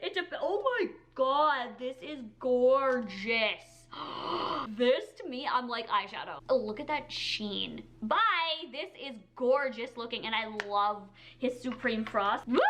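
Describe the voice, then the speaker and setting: Beauty vlogger, twenties, female; bubbly and gushing, fairly high voice, casual filler-heavy delivery. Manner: gushing, excitable, lots of "like" and "oh my God". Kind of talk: casual product unboxing. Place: indoor room with colored backdrop.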